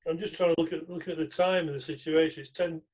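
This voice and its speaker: A man's voice: on the high side, steady tone, quick pace, darkish tone. A middle-aged man hosting a casual online session, talking in a rambling, hesitant way with many fillers and restarts. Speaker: session host. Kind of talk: casual chat on a video call.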